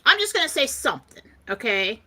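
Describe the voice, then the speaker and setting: A woman's voice: sits high, sing-song, brisk, pushed and bright. A woman co-hosting a talk show, animatedly telling a personal story in casual chat and laughing often as she goes. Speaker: co-host.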